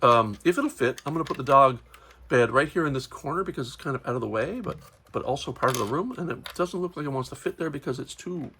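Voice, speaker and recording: A man's voice: on the high side, sharp tone, slight background noise. A man giving chatty, rambling commentary while unboxing toys, often correcting himself mid-sentence. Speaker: toy reviewer.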